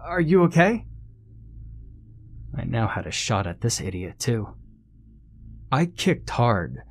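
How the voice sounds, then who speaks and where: A man narrating a horror story in a measured, suspenseful way. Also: lowish voice.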